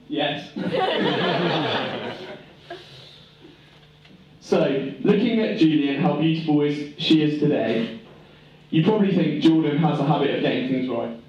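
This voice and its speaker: A man's voice: fairly high pitch, slow pace, pauses often, highs cut off. A man giving a joking, teasing wedding speech as best man. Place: wedding reception hall. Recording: echoey hall from far off, noisy.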